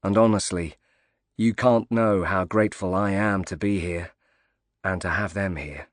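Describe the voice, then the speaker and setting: A grateful, emotional British father, as a man reads him in an audiobook. He speaks softly and earnestly in a low voice. The recording is dry and close. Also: fairly even intonation, unhurried, dry recording. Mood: moved. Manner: earnest, soft-spoken, moved.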